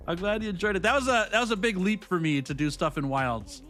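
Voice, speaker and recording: Upbeat, high-voiced chatty male streamer. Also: expressive, sharp tone, soft background music. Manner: chatty, upbeat, quick to laugh, talks straight to chat. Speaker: gaming streamer. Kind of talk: casual live-stream chat with viewers.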